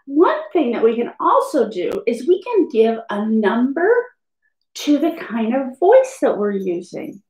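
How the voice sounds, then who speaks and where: A woman's voice: fairly high pitch, sing-song, a little slow, darkish tone, echoey room, poor audio. A woman teacher giving a lesson to young children in a sing-song, encouraging way.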